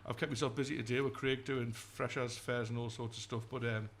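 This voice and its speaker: A man's voice: medium pitch, flat delivery, a little fast, a little hiss or hum. A man co-hosting a podcast in casual chat, laughing often, with a slight lisp from a pulled tooth. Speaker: podcast co-host.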